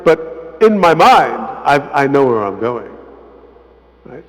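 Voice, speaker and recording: A man, a visiting priest, giving an informal parish talk, conversational and often asking "right?", acting out quotes with lively emphasis. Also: mid-range voice, slow pace. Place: church hall. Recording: echoey church hall, muffled sound.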